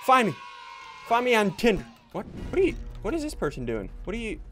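A young man giving jokey, excitable commentary while playing a video game. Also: high-pitched, fairly quick, faint music behind. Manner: excitable, jokey, yelps and laughs mid-play. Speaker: gaming channel host. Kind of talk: live gameplay commentary.

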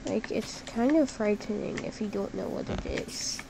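A woman giving casual, chatty gameplay commentary, excitable and full of "like", with sudden shouts. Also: mid-range voice, moderate pace, vocal fry, noisy background. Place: at a computer while gaming.

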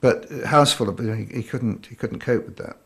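A man in an interview, recalling an old friend in a halting way with frequent restarts. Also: medium pitch, creaky, fairly bright tone, breathy edge. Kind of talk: reminiscing interview.

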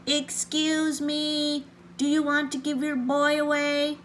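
A woman's voice: fairly high pitch, expressive, a little slow, dark tone, a little hiss or hum, voice pushed up. A woman voicing an eager, polite little male puppy in a storybook reading. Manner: hopeful, polite, chatty.

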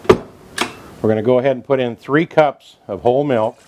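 A man's voice: mid-range voice, moderate pace, noisy background. A man hosting a home cooking show, telling stories in a chatty, folksy country way while he cooks in his kitchen. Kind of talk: folksy storytelling cooking demo.

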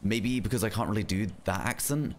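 A man's voice: fairly low pitch, fairly quick. A man from London chatting casually while playing a role-play game, hesitant and easygoing.

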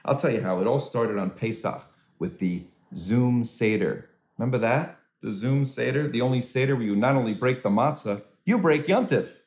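Animated comedian, echoey room. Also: male voice, moderate pace, few pauses. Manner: animated, swoops into high voices for quoted people. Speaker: stand-up comedian. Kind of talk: stand-up comedy set for a virtual charity dinner. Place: at home. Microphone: video call.

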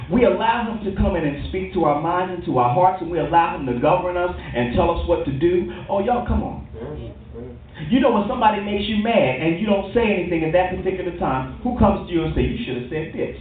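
A man pastor preaching a sermon in a church, lively and calling for responses. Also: sits high, fairly quick, a little hiss or hum. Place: church hall. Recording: tinny, distant, very echoey church recording.

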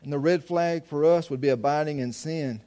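Pastor preaching, repeating himself. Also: male voice, fairly high pitch, moderate pace, mellow. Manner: repetitive, restarting phrases, asks the congregation questions. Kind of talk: sermon.

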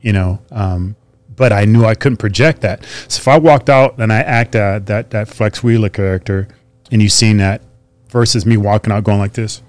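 A man with a fairly low voice speaks at a moderate pace as a podcast guest, candidly and emphatically telling stories about himself in an earnest, confessional interview. There's no room sound.

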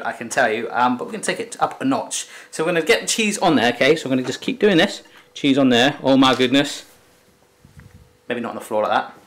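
A man's voice: a little high, a bit bright. An English man hosting a casual cooking vlog from a home kitchen, chatty, jokey and upbeat. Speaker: cooking show host.

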